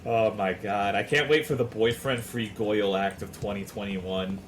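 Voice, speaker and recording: A man's voice: on the low side, fairly even intonation, moderate pace, slight background noise. A man streaming a video game, chatting casually with his viewers in profane, joking banter. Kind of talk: casual chat with viewers while gaming.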